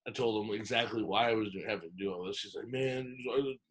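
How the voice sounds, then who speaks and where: On a podcast, a man with a fairly low, slightly breathy voice tells a long, meandering story at a quick pace. He keeps stopping to restart or drop in fillers, performing each quoted line with animation.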